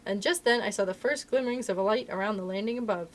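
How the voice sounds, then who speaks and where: A woman reading a children's novel aloud for a library storytime, with expressive, animated storytelling. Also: medium pitch, quick pace, background noise.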